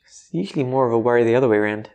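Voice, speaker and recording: A man's voice: medium pitch, racing, a little mellow. A man co-hosting a casual chat, answering with dry, wry quips.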